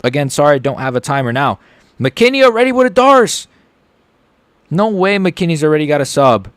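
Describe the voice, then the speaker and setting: A young man on a livestream, reacting to fights live with a slightly high voice. He rambles, swears and jumps between muttering and yelling. The recording is close and dry. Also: fairly quick, dry recording. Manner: excitable and rambling, swears, swings from mumbling to shouting. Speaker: livestream host.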